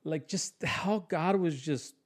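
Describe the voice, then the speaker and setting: Lively young man telling a story. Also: on the high side. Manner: animated, acts out dialogue with quick restarts. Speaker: podcast guest. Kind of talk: casual storytelling.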